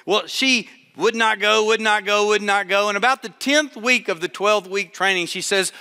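A man preaching a sermon to a live audience, telling a story with animated voices for the people in it. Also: high voice, moderate pace, few pauses, clean tone, big-room sound.

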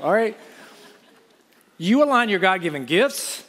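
A man's voice: high voice, animated, moderate pace, fairly bright tone, in a large hall. A man preaching a sermon with impassioned, pleading delivery and conversational asides.

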